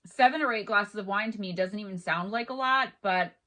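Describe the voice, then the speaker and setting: A woman's voice: mid-range voice, fairly quick, pushed and bright. A young woman hosting a true-crime video, telling the story in a casual, chatty way with personal asides.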